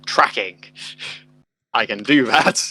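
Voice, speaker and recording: A man's voice: medium pitch, slow pace, creaky, pushed and bright, husky. A man playing a tabletop game, joking and chatting with the group. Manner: joking, laughs often. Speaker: player.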